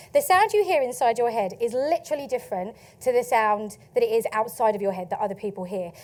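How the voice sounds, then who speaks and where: A woman with an Essex accent giving a lively, chatty conference talk, asking the audience questions and laughing often. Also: high voice. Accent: Essex English. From England. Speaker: conference speaker. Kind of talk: keynote talk to a live audience. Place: conference stage.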